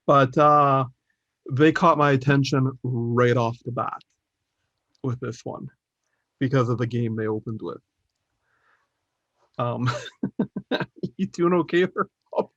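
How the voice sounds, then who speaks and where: A man's voice: mid-range voice, slow pace, pauses often, a bit bright, dry recording. A man co-hosts a laid-back gaming podcast. He rambles and chuckles, leaning on fillers as he thinks aloud. The audio is dull and bone dry, with no room sound. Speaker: podcast co-host. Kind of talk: casual gaming podcast chat.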